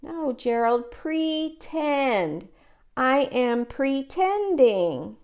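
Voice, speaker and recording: A perky young pig from a picture book, playful and confident as she explains things. Her high voice bounces across a wide range at a slow, clear pace, voiced by a woman reading aloud. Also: sing-song, darkish tone, highs cut off, heavily acted. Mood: patient.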